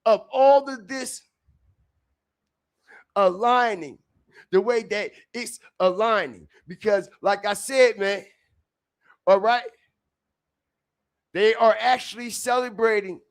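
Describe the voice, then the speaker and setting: A man talks slowly and deliberately to his stream, his voice sitting on the high side. He is profane and repetitive, hammering his point home with constant call-outs to the people watching. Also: fairly bright tone, smooth. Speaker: live stream host. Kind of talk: street commentary livestream.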